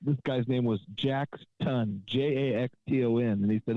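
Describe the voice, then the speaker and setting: A man co-hosting a casual podcast, telling deadpan joke stories about messing with salespeople. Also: mid-range voice, normal speed, few pauses, no room sound, phone-quality sound. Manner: deadpan joking storyteller. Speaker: podcast co-host.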